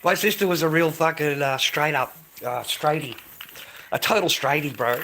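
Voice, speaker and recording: A man's voice: fairly high pitch, moderate pace, pushed and bright, slight background noise. An Australian man chatting casually on a livestream from his kitchen at home, rambling and swearing freely while calling viewers mate and bro.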